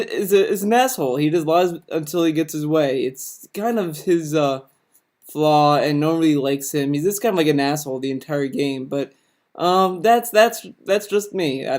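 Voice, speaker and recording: A man's voice: a little high, a little mellow. A man hosting his own video, giving a casual, crude comedic rundown of characters, rambling with lots of fillers and restarts. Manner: mocking, puts on quick sarcastic quoted voices. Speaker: video host.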